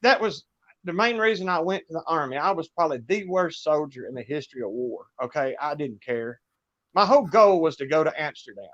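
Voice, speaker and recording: A man's voice: a little high, animated, fairly quick, fairly bright tone, no echo, lo-fi sound. A middle-aged man with a Southern US accent, chatting as a guest on a livestream and telling rambling, laughing stories in a folksy way. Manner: folksy, rambling storyteller who laughs often. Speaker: guest musician. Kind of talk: casual livestream chat.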